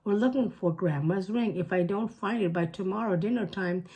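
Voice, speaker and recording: A woman's voice: mid-range voice, moderate pace, mellow, close to an everyday voice. A woman doing a girl stuck as a cat. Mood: earnest. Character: girl trapped in a cat's body.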